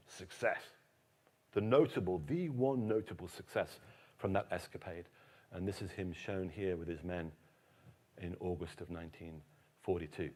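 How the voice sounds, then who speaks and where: Man from britain doing a history keynote, fairly low voice, animated storyteller. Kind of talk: lecture with anecdotes.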